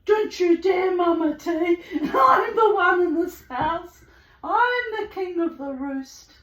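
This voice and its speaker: A man's voice: extremely high pitch, slow pace, a bit bright, reverberant, distant mic, muffled recording, pitched above the performer's own voice, full character voice. A woman voicing a big, easily frightened male neighbour who talks in a nervous, pleading way. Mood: earnest.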